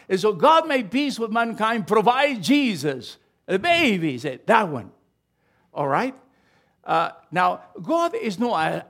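Lively, high-voiced preaching man. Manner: impassioned preaching with storytelling asides. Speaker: pastor. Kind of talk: sermon.

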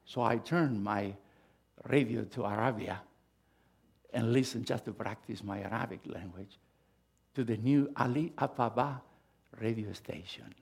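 A middle-aged male pastor preaching a sermon, swinging from loud, emphatic bursts to hushed asides. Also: fairly low pitch, measured pace, vocal fry, pauses often, husky.

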